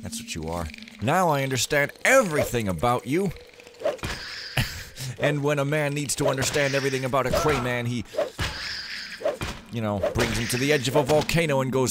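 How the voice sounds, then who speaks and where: A man's voice: medium pitch, expressive, moderate pace, loud music behind the voice. A man talking to himself as he plays a stealth game, joking and rambling in loose gameplay commentary. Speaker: let's play host. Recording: clear background noise.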